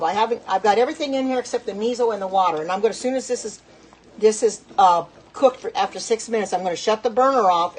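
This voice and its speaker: A middle-aged home cook chats with her viewers while cooking at her stove, rambling and correcting herself as she goes in this casual cooking vlog. Her medium-pitched voice has a darkish tone, and the poor audio carries slight background noise.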